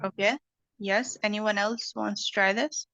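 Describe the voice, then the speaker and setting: Woman English teacher, online class, calm and explanatory, muffled dry audio. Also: mid-range voice, a little slow, no room sound. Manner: patient, explanatory, frequent "okay" checks.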